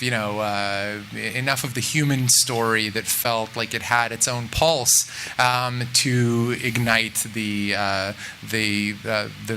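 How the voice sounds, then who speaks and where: A man, a film director, answering interview questions in a thoughtful, halting way, full of fillers and restarts. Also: fairly low pitch, pushed and bright, a little hiss or hum. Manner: thoughtful, musing. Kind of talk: press junket interview.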